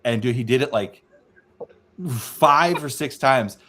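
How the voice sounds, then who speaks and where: A man's voice: medium pitch, slow, sharp tone, slight background noise. A man, a navy veteran co-host, telling a loose, rambling story in casual chat and swearing freely.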